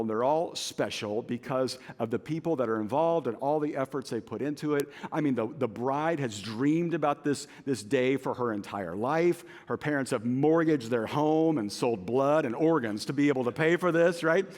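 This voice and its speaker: A middle-aged man preaching a sermon as pastor, telling stories with self-deprecating humor. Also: on the high side. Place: large church auditorium. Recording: long hall reverb.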